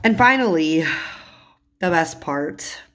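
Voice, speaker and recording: A woman's voice: lowish voice, animated, takes it slowly, a bit bright. A woman in a casual vlog, chatting about tarot cards, laughing often and swearing casually. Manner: giggly, laughs often while talking. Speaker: tarot vlogger.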